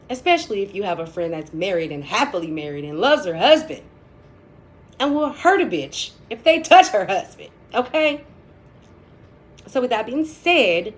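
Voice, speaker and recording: A woman telling a personal story in a casual vlog, blunt and chatty, full of profanity and dramatic asides. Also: medium pitch.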